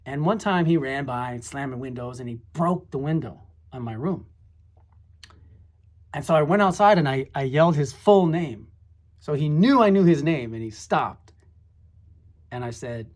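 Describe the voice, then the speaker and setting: A middle-aged former high school teacher telling classroom stories in a rambling, reflective way, full of asides. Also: animated, moderate pace, pauses often, a little mellow. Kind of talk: casual storytelling monologue.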